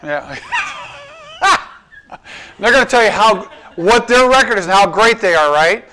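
A pastor preaching a conversational sermon, asking his listeners rhetorical questions and slowing down to stress key points. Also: high-pitched, lively intonation, sharp tone. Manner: asks the congregation rhetorical questions, slows down for emphasis.

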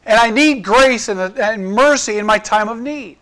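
A man's voice: sits high, moderate pace, hardly any pauses, a bit bright. A man preaching a sermon in an earnest, conversational way, asking the congregation questions and quoting scripture. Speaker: pastor.

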